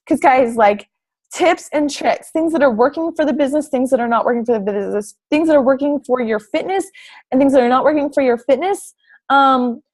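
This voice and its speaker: A young fitness coach with a slightly high, darkish voice walks prospective recruits through slides in an enthusiastic team pitch. She's bubbly and gushing, constantly saying "like" and "oh my gosh."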